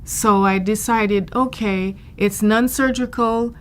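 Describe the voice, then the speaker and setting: A woman's voice: mid-range voice, fairly even intonation, takes it slowly. A woman patient speaking frankly and reflectively about her experience. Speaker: patient giving a testimonial. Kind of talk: candid testimonial interview.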